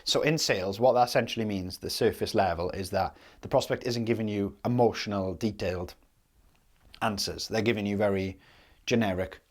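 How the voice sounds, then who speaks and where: Man, sales coach, lowish voice, direct, casual teaching, keeps asking "okay?". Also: fairly quick. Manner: direct, punctuates points with "okay?" and "right?".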